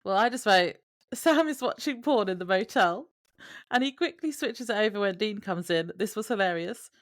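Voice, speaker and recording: A woman's voice: medium pitch, lively intonation, normal speed, no room sound, clean studio sound. A woman co-hosting a podcast, chatting casually and reading out her notes, laughing along. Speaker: podcast co-host. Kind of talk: casual chat.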